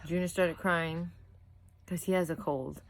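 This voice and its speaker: This rough recording captures a young mother chatting in a casual vlog about her two little kids while a toddler is close by at home. Short on sleep and worn out, she rambles in a scattered way and keeps correcting herself, her fairly low voice steady and unhurried.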